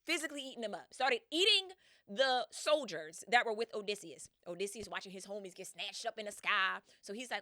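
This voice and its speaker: A woman hosting a podcast, retelling a story in a slangy, laughing, animated way. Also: mid-range voice, brisk, no room sound, clean studio sound. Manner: slangy, laughing, acts out voices in quotes. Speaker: podcast host.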